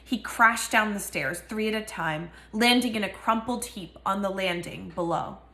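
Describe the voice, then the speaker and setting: A woman's voice: mid-range voice, normal speed, bright, forceful tone, roomy sound. A woman reading a novel aloud and giving each character a voice. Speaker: reader.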